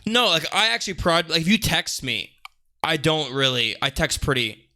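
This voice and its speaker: Young man, co-host, teacher, rambling, laughing, bright, high-ish. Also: sing-song, normal speed. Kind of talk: casual podcast chat.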